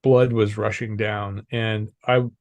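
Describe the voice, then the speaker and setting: Older male guest, measured storytelling voice, dry close mic. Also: on the low side, no echo. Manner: calm, measured, laughs often. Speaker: podcast guest, executive coach. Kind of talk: storytelling in an interview.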